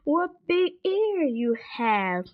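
A young storybook girl, as a woman reader puts her on, exclaims eagerly in a high voice. She speaks slowly. The recording is dull and lo-fi. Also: sing-song, exaggerated voice. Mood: surprised.

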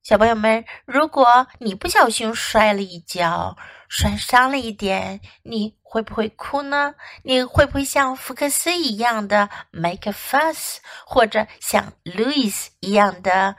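A woman teaching young children English through a story, in an animated, sing-song, coaxing way. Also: a little high, a little slow, few pauses, no echo. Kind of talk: bilingual children's story lesson.

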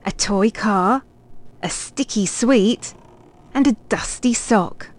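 A woman reading a children's picture book aloud, clear and expressive. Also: mid-range voice, slow pace. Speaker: storybook reader.

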